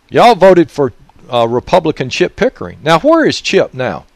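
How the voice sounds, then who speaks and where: A man's voice: fairly high pitch, very animated, moderate pace, creaky, dry recording. A man with a Mississippi Southern accent, delivering an angry political monologue. He raises his voice, uses profanity and keeps scolding listeners with repeated questions. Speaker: political commentator.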